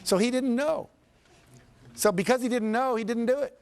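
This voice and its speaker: A man's voice: very high voice, normal speed. Man telling motivational stories. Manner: storytelling, shifting into quoted characters; emphatic repetition. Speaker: motivational speaker. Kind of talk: motivational seminar talk.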